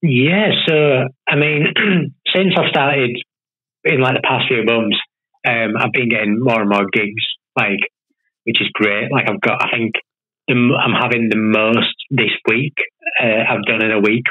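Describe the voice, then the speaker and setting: A man's voice: medium pitch, steady tone, a little slow, husky, dull audio. A man from the UK, a guest comedian, chatting in a laid-back way with lots of fillers over a remote call. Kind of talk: casual chat interview.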